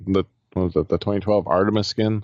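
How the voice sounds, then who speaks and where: A man's voice: low-pitched, steady tone, fast, darkish tone, no room sound, highs cut off. A man chatting casually as a podcast co-host, often hesitating and searching for words. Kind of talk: casual chat.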